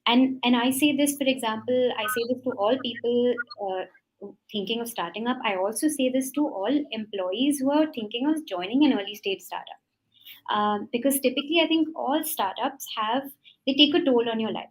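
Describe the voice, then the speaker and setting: A woman with an Indian English accent, a startup founder speaking as a webinar guest, thoughtful and measured with frequent ums. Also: fairly high pitch, rough recording. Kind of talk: webinar panel discussion.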